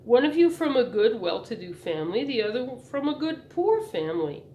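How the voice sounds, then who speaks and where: A woman's voice: on the high side, big pitch swings, normal speed, warm tone, slight background noise, pitched above the performer's own voice. A woman reading an elderly female history teacher who speaks earnestly and with indignation. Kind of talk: audiobook character reading.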